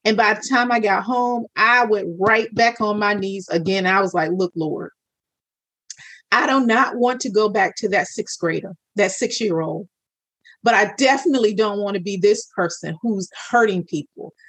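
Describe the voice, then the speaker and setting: A woman's voice: medium pitch, normal speed, fairly bright tone, breathy edge, no echo. A woman guest on a podcast interview, telling her personal story of faith in an earnest way and acting out what she once said to God. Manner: earnest, acts out her own past words to God.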